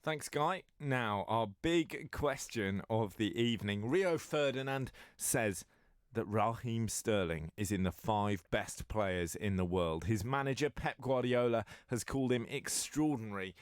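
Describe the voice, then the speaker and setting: A man's voice: lowish voice, animated, measured pace, clean tone, no room sound. A man hosting a sports radio show in casual chat, steering the debate with mock-serious authority into a studio microphone.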